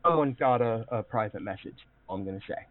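A man's voice: lowish voice, quick pace, no room sound. A man running a tabletop role-playing game as game master, narrating scenes in a rambling way with many fillers. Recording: dry, phone-like online call audio.

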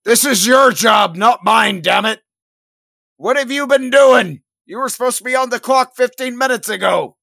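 A man's voice: on the high side, big pitch swings, slow pace, bright, forceful tone, clear, resonant tone, no echo, clean studio sound, voice pushed up, exaggerated voice. A man voicing an irate, grumpy male ship doctor with a put-on Scottish accent, barking orders. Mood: furious.

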